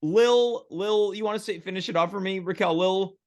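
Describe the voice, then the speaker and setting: A man's voice: high voice, moderate pace, a little mellow. A man hosting a casual chat show, playful and teasing as he reads viewer questions. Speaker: host. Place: studio.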